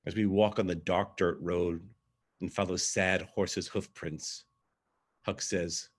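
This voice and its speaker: A man's voice: low-pitched, steady tone, slow pace. A man reading a candid, wry first-person monologue for a verbatim theatre reading, as a male arts director telling his story.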